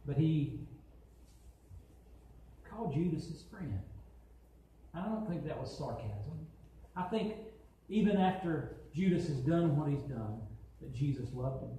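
A man's voice: on the high side, lively intonation, unhurried, a little mellow, a little hiss or hum. A man preaching a sermon as pastor, building emphasis and acting out quotes. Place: church sanctuary. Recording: very echoey hall, from far off.

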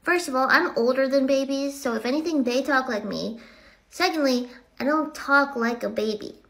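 A young woman vlogging to camera in a casual, rambling way, with a high voice that sounds like it comes from someone small. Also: moderate pace, gravelly, a bit bright. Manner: chatty, rambling with many "like"s. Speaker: content creator. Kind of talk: casual talking-to-camera vlog.

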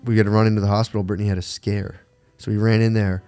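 A man's voice: lowish voice, flat delivery, very fast, mellow, faint music behind. A man co-hosting a podcast, telling a crude story in a laid-back, slangy way and laughing often. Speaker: podcast co-host.

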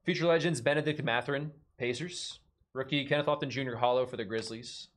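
A man's voice: mid-range voice, fairly quick, fairly bright tone. A man hosting a live card break, rattling off card names and joking between pulls.

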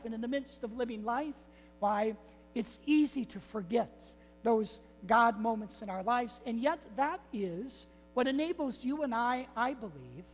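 A man, a priest, preaching a sermon with repeated rhetorical phrases and calls to "my friends". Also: very high voice. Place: church. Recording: long church reverb with faint mains hum.

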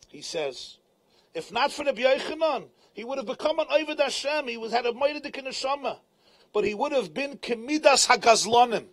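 A man, a rabbi, retelling a Talmud story to a live audience in a large event tent, with dramatic, emphatic delivery and shouted peaks. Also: very high-pitched, animated, moderate pace.

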